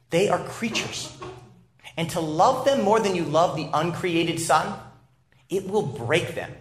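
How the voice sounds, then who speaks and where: A man preaching a sermon in an echoey church room. His voice sits high and swings widely in pitch. He drives his points home emphatically, often pausing to ask "Right?". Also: a bit bright. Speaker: pastor. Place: church sanctuary.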